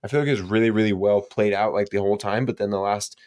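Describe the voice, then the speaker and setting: A young man co-hosting a podcast, retelling stories in animated, slangy casual talk. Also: on the low side, quick pace. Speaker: podcast co-host. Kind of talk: casual storytelling chat.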